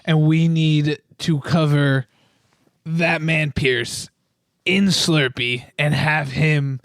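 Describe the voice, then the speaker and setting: A man's voice: a little high, fairly even intonation, slow pace, a bit bright, no echo, studio quality. A man playing a tabletop game, joking and goofy.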